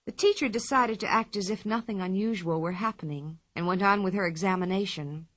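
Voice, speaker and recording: A woman reading a children's storybook aloud as narrator, clear and expressive. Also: mid-range voice, fairly quick, hardly any pauses, no room sound.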